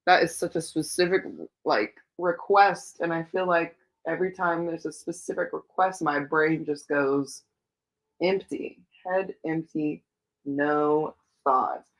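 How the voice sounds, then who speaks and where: Her voice sits low and steady, and she speaks slowly. She's a livestream host reading viewer comments, answering in a casual, rambling way while thinking aloud with many fillers.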